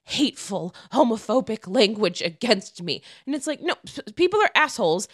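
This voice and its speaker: A woman's voice: on the high side, big pitch swings, moderate pace, slightly rough, no room sound, clean studio sound. A woman, co-hosting a podcast in casual chat, blunt and profane, often laughing. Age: 30s. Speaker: podcast co-host.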